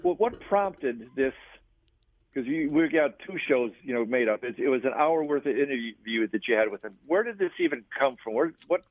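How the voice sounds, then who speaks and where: A man co-hosting a radio golf show, chatting in a relaxed way, asking questions and sometimes searching for words, heard over a tinny phone line. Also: medium pitch, normal speed, no echo. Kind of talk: casual radio show chat.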